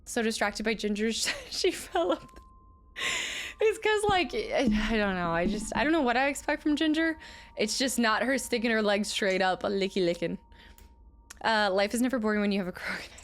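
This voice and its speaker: A woman streaming a game, chatting casually with her viewers, laughing often and shouting during fights. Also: fairly high pitch, lively intonation, normal speed. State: out of breath. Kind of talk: casual live-stream gameplay chat.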